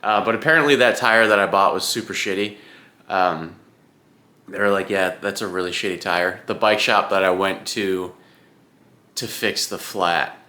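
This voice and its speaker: Low, bright-voiced young man ranting casually. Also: moderate pace. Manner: chatty, swears freely, ranting. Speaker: vlogger training for an Ironman. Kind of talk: casual rambling vlog.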